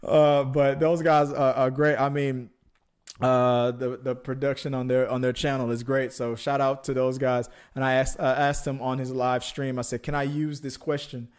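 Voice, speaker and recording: A man's voice: mid-range voice, little pitch movement, normal speed, darkish tone, clear, resonant tone. A man co-hosting a movie podcast, chatting casually with many restarts and jokes. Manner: rambling, many restarts, jokey. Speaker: podcast co-host. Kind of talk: casual chat.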